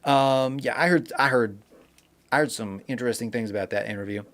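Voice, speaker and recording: A man's voice: medium pitch, a little fast, fairly bright tone. Male streamer, casual chatty delivery, filler-heavy, mid-range voice. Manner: chatty, reads viewer comments aloud, rambling with fillers. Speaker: livestream host. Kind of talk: casual live-stream chat.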